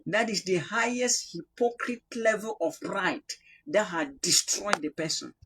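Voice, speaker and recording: Cameroonian prophet guy, husky voice, fired-up preaching then soft praying. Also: sits high, unhurried. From Northwest Cameroon. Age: young adult. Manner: impassioned, denouncing, swings between loud rebuke and quiet prayer. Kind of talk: prophetic sermon.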